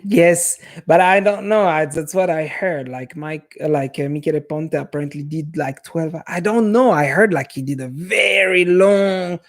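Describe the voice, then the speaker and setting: A man's voice: on the high side, moderate pace, few pauses. A man with a French accent, chatting casually with viewers on a live stream in a rambling way. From half Italian. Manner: rambling, chatty, restarts often.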